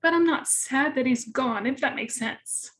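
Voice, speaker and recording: A woman hosting a conversation, her voice sitting a touch high. She shares her own stories with an earnest, relatable warmth, leaning on fillers like "like" and "you know" as she talks. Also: moderate pace. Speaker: host. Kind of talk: conversational interview.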